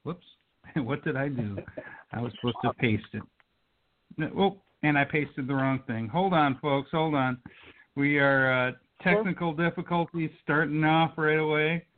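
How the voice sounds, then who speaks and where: An upbeat man hosting a call-in radio show, his voice sitting a little high for a man. He talks in an enthusiastic, friendly way. The sound comes through a thin, tinny phone line. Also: fairly even intonation, measured pace. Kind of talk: casual call-in radio chat.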